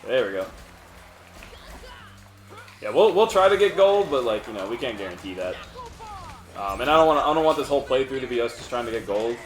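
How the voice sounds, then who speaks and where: A man's voice: medium pitch, big pitch swings, fairly quick, long pauses. A man hosting a let's play, talking casually and rambling through co-op gameplay commentary with the odd swear. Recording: echoey room, faint game music.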